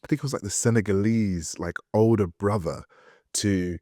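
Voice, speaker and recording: Man, podcast guest, lively storyteller, lower voice, dry mic. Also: moderate pace, no room sound. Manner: animated, laughing, many fillers and restarts. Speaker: guest, actor and studio founder.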